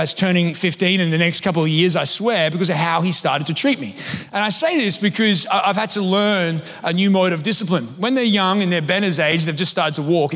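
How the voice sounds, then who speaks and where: A pastor in his thirties delivers a sermon in a high, fairly bright voice, telling stories conversationally and making fun of himself. A long reverb from the church hall makes his voice ring out.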